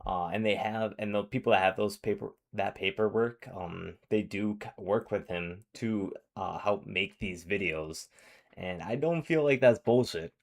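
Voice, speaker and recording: Low-voiced man rambling in casual commentary. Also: unhurried, creaky, slight background noise. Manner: rambling, with many fillers and restarts. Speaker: commentator reacting to a video.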